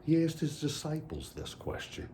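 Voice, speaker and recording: A man's voice: fairly high pitch, big pitch swings, moderate pace, dark tone, slight background noise. A man giving a children's message at church in a folksy way, asking the kids playful questions. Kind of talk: children's sermon.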